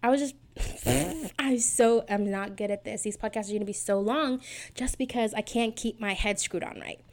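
Young woman, twenties, podcast host; rambling, self-deprecating, quick casual talk from a home setup. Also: mid-range voice, darkish tone. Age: 20s. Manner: chatty, rambling, self-deprecating, fast-talking. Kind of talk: casual solo podcast chat. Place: small home recording setup.

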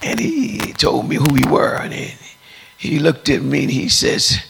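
A deep-voiced woman preacher telling a testimony, acting out the dialogue as she tells it. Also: very animated, normal speed, gravelly, fairly bright tone, slightly rough. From United States. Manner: storytelling, acts out dialogue.

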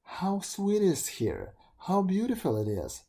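Sweet gushing little ladybird, admiring, mellow tone voiced by the reader. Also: mid-range voice, wildly swooping pitch, a little slow, husky, pitched above the performer's own voice, full character voice. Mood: delighted.

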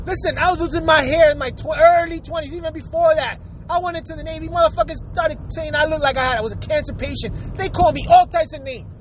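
A man with a notably high voice delivers a heated, foul-mouthed rant to his viewers. He is blunt and fired up throughout, with faint outdoor traffic noise behind him near a car. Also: steady tone, fast, few pauses, lo-fi sound. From United States. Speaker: vlogger. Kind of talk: angry rant to camera.

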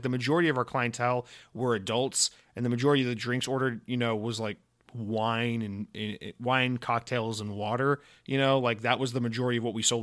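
A man's voice: mid-range voice, bright, forceful tone. A young adult man hosting a solo podcast, ranting in a mock-serious, rambling way with lots of fillers and restarts. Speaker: podcast host.

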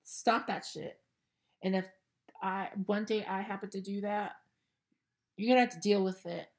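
A woman's voice: mid-range voice, fairly even intonation, moderate pace, a little mellow. Blunt, sassy young woman ranting. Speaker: podcast host reacting to clips. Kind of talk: casual ranting commentary.

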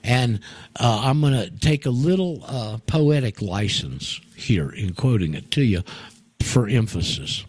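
Man, radio host, rambling storyteller, many restarts, medium pitch, dry studio sound. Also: expressive, measured pace, a little mellow, slightly rough, no echo. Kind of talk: call-in radio talk.

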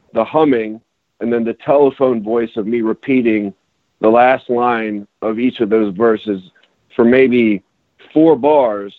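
A man's voice: medium pitch, no echo, narrow, tinny audio. A man on a casual podcast, a rapper explaining his new song in a rambling way with many restarts. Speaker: rapper and songwriter guest.

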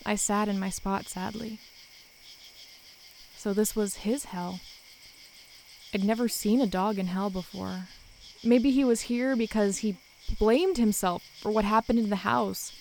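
Woman calmly narrating a horror story. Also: mid-range voice, unhurried, vocal fry, long pauses, slight background noise, rough recording. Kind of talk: first-person scripted horror story narration.

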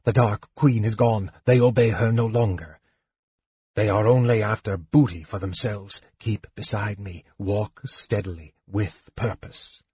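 A man voicing a bitter, sharp-tongued frail male mage who gives hushed, clipped commands. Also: lowish voice, steady tone, measured pace, slightly rough, no echo. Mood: cold, hushed. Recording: dull lo-fi recording.

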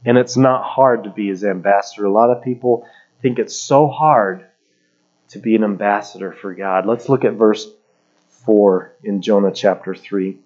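A man's voice: on the low side, moderate pace, darkish tone, lo-fi sound. A middle-aged male pastor giving a sermon in a conversational, plainspoken way.

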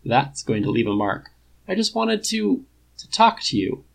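A man voicing a cocky but apologetic archer whose pitch jumps up when he gets excited. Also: measured pace, vocal fry, full character voice, low-quality recording. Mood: sheepish. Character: sheepish cocky male archer, apologetic and goofy.

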